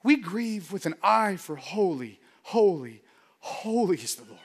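A man pastor preaching a sermon with fervor, repeating words and swinging between loud declarations and hushed murmurs. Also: high-pitched, sing-song, normal speed, big-room sound. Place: large church hall.

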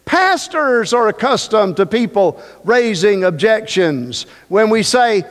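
Man, pastor preaching in a church, very high voice, long hall reverb. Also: expressive, a little slow, hardly any pauses. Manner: emphatic, repetitive, joking asides. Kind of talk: sermon. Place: church sanctuary.

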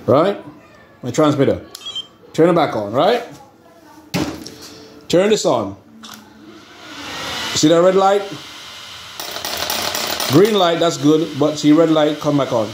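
An exasperated man talks straight to his vlog viewers in a slightly raised voice, circling back and pleading for help. A steady wash of ambient noise sits under the whole recording. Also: a little high, slow, pauses often. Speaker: RC hobby channel host. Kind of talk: casual vlog talk to viewers. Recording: noisy ambient background.

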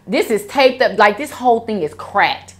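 A young woman hosts a mukbang food vlog, her voice on the high side, expressive, at normal speed. She chats casually while reading viewer comments, calling her audience "girl" and "y'all."

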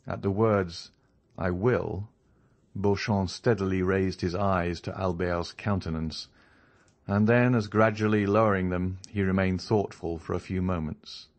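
A man narrating a classic novel as an audiobook in a steady, even reading manner. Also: low voice, normal speed. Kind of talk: scripted narration.

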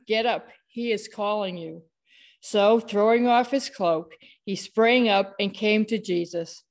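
A woman reading a gospel passage aloud in a church service, steady and measured. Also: medium pitch. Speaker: scripture reader.

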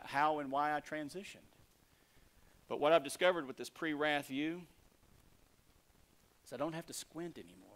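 A man, the lead pastor, preaching a sermon with emphatic rises and soft asides. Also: fairly high pitch. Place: church sanctuary.

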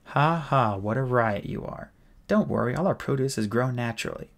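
A man's voice: mid-range voice, normal speed, gravelly, lightly acted. A man voicing a tough, sarcastic young woman who guards a prisoner. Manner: sarcastic, brash.

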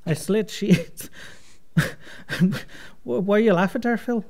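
A man's voice: high-pitched, takes it slowly, crowd noise. A man voicing a cocky young Irish man from Dublin, in a put-on Irish accent, teasing and chirpy. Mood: mocking.

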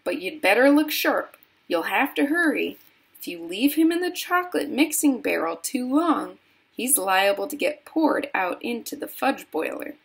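A woman reading aloud voices an eccentric, brisk male chocolate factory owner who gives commands. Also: fairly high pitch, sing-song, creaky, breathy edge, heavily acted. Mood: instructing.

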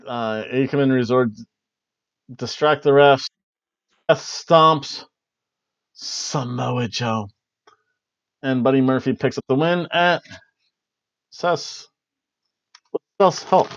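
A man's voice: mid-range voice, takes it slowly, long pauses, no echo. Man rambling through a wrestling recap, lo-fi. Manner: rambling, jokey, breaks into silly voices. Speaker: podcast host reviewing wrestling. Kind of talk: casual solo recap.

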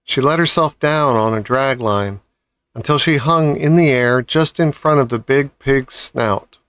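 A man reading a children's novel aloud with calm, measured storybook narration. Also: medium pitch, smooth, no echo. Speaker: audiobook reader.

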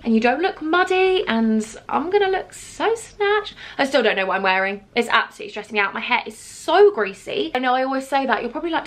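A woman's voice: a little high, a bit bright. A young woman chatting casually and self-deprecatingly while doing her makeup for a beauty vlog. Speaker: beauty vlogger. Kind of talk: casual get-ready-with-me chat.

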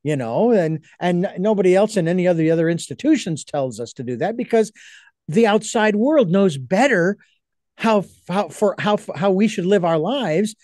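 A man hosting an interview, speaking in a measured, reflective way with many pauses. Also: high voice, animated, a little mellow, no room sound, studio quality. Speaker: host. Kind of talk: casual interview chat.

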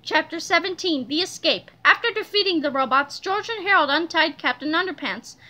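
A woman reading a children's book aloud with animated, playful delivery. Her voice is very high and bright, and she keeps the storytelling lively. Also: a little fast. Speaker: reader.

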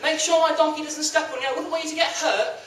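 A man's voice: very high voice, steady tone, quick pace, a bit bright, slight background noise, pitched above the performer's own voice. A young man storyteller voicing a friendly, polite male peddler, recorded in an echoey hall from a distance. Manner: friendly, warning.

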